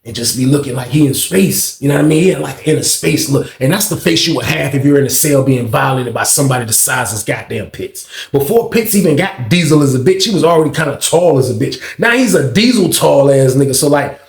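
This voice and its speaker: A young man telling a casual story in an animated, profane, rambling way, heard in a roomy echo. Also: medium pitch, brisk, creaky, hardly any pauses. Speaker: storytime vlogger.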